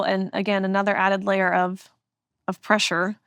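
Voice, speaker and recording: A woman's voice: mid-range voice, little pitch movement, moderate pace, smooth, dry recording, studio quality. A woman in her twenties, an interview guest, telling a personal story in an earnest, emphatic way.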